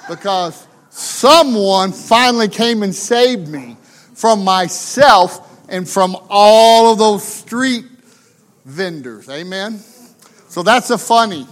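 Folksy, high-voiced American pastor. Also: male voice, takes it slowly. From United States. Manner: folksy, chatty, tag questions. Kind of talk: humorous sermon storytelling.

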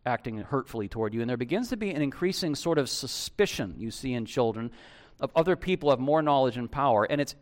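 Here a man preaches in a lively, talk-like manner, pausing to restart often and questioning his congregation directly. He's a pastor, and his voice is a little high.

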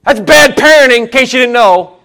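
With lively intonation, a brisk pace, and a creaky voice, a middle-aged male pastor preaches conversationally, repeating phrases and alternating emphatic rises with low, quiet asides.

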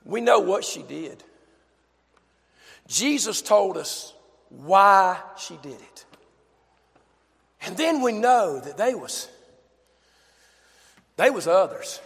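Male pastor, sermon, emphatic, lively swooping pitch, slow delivery, long church reverb. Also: creaky. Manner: emphatic, asks the congregation questions.

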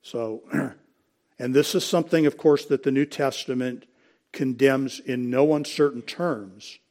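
A man preaching a sermon, explaining scripture and citing verses, calling the congregation folks and clearing his throat now and then. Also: mid-range voice, a little slow, darkish tone.

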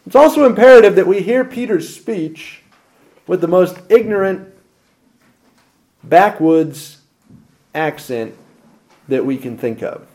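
A man preaching a sermon as pastor, asking rhetorical questions and swinging between loud emphasis and quiet asides. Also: high-pitched, animated, takes it slowly, pauses often.

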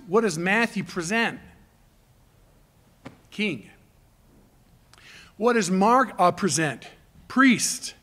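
A man preaching a sermon, emphatic, swinging between loud appeals and hushed near-whispers. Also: sits high.

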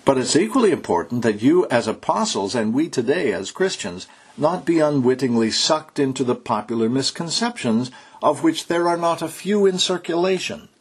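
A man preaching a sermon, exhorting his listeners and slowing down to stress key words. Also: on the high side, slightly rough. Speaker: pastor.

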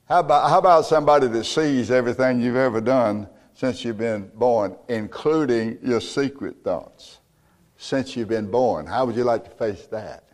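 A man preaching a sermon as pastor, emphatic and building to loud peaks. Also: medium pitch, moderate pace, big-room sound. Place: church.

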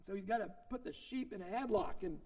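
A man's voice: high voice, expressive, fast, a little mellow. A middle-aged man preaching a sermon as a minister, teaching in a conversational way with anecdotes and leaning hard on key points.

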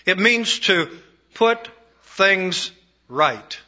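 A male preacher with a fairly high, strikingly bright and piercing voice delivers an emphatic sermon. He moves between raised declarations and hushed, low phrases. The recording sounds dull and lo-fi. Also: lively intonation, extremely slow.

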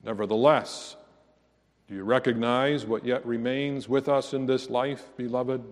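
Slow, earnest preacher man in a reverberant hall. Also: mid-range voice, steady tone. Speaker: pastor. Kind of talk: sermon.

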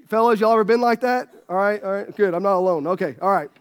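High-voiced folksy preacher man. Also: fairly even intonation, quick pace, hardly any pauses. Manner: folksy, joking with congregation. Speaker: pastor. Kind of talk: sermon. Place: church sanctuary.

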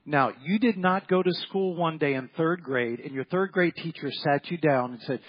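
Folksy husky pastor preaching. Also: male voice, on the high side, normal speed, few pauses, muffled recording. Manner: folksy, repetitive, acts out quoted voices. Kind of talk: sermon. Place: church sanctuary.

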